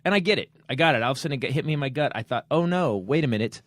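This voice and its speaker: A man's voice: medium pitch, racing. A middle-aged man hosting a comedy podcast, telling stories in casual talk and acting out what his friends said. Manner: animated storytelling, acts out quoted friends. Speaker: podcast host.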